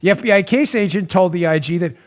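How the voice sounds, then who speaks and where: A man in his forties hosting a political talk show, mocking and animated, often breaking into laughter. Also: sits high, fast. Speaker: host.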